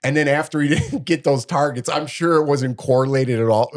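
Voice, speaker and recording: Man, podcast co-host, casual storytelling, animated, acts out quotes. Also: a little high, brisk.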